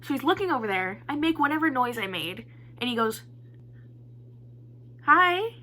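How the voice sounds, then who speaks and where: A young woman vlogger telling a casual storytime in an animated, excitable way, poking fun at herself. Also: fairly high pitch, quick pace. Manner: animated, excitable storytelling with playful self-mockery.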